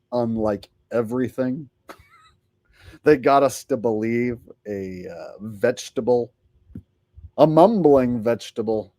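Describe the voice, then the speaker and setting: A man's voice: medium pitch, mellow, dry recording. A man hosting a casual commentary vlog, sarcastic and rambling, often laughing and mocking. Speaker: vlogger host.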